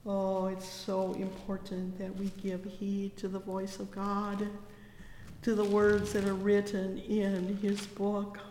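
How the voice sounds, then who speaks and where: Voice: mid-range voice, monotone, takes it slowly, darkish tone, a little hiss or hum. A preacher delivering a fervent, exclamatory sermon, breaking in again and again with cries of praise. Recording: echoey hall with long reverb.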